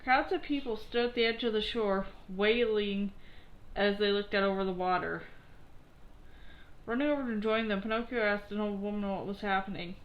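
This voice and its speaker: A woman reading a children's story aloud in a gentle, expressive way, with occasional slips. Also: medium pitch, moderate pace, highs cut off.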